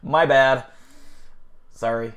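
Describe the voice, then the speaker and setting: A man's voice: medium pitch, fairly even intonation, slow pace, a crowd in the background. Casual male streamer, rambling and profane, flustered, self-mocking. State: flustered after eating something awful. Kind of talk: casual live-stream chat.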